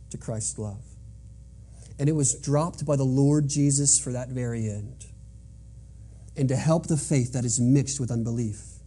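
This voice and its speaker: A man's voice: medium pitch, warm tone, husky. A man preaching a sermon in an earnest, emphatic way, driving points home by repeating them. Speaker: pastor.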